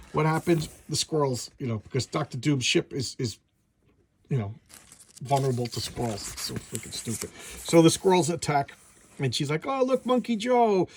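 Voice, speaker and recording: A man's voice: fairly high pitch, moderate pace, darkish tone, a little hiss or hum. A man reviewing an old comic book in a casual, blunt, rambling way, often restarting his sentences.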